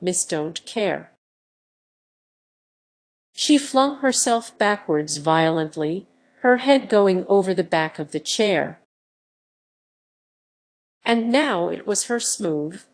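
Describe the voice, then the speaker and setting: A woman narrating a classic novel as an audiobook in a measured, even reading. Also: mid-range voice. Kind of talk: scripted narration.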